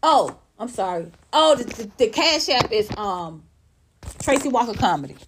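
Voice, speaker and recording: A woman's voice: a little high, big pitch swings, normal speed, a little hiss or hum. A woman commentator on a livestream, ranting in a blunt, profane, emphatic way and talking straight to her viewers and chat. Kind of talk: unscripted livestream rant.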